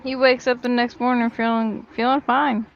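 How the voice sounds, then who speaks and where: A woman's voice: a little high, flat delivery, moderate pace, vocal fry, highs cut off. A woman in casual livestream chat, run down with a fever, talking bluntly and plainly.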